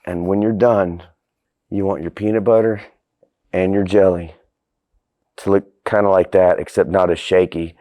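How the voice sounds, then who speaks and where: Brash, foul-mouthed man, low voice. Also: steady tone, normal speed, long pauses, mellow. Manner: profane, brash, laughs a lot. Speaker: host. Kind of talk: crude comedic cooking vlog.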